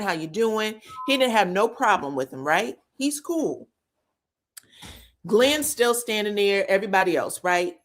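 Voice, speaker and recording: A woman recapping reality TV drama in casual gossip, telling it with energy and swearing freely. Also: mid-range voice. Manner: animated storytelling, swears freely, acts out what others said; keeps checking in with "you know what I'm saying". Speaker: reality TV commentator.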